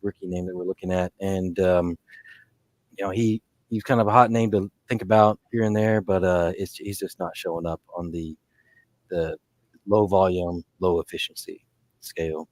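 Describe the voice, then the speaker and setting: A man's voice: low-pitched, steady tone, moderate pace, dry recording. A man co-hosting a podcast in casual chat, rambling and restarting his sentences often. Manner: rambling, full of restarts and fillers. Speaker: podcast co-host. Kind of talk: casual fantasy sports chat.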